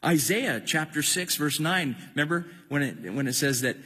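Male preacher, husky voice with a lot of rasp, lively and rising pitch, sermon in an echoing hall with long reverb. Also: moderate pace. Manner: impassioned, emphatic preaching with repeated words.

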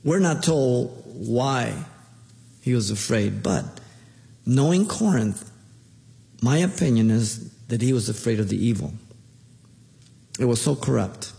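A man preaches a sermon, swinging between calm teaching and emphatic, rising exhortation. His voice carries a long reverb, as from a large hall. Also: mid-range voice, slow pace, gravelly, long pauses. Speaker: pastor.

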